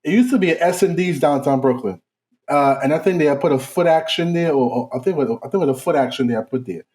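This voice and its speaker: A man's voice: on the high side, fast talker, a little mellow. A man telling a funny story on a casual podcast, acting out other people's voices. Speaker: podcast co-host.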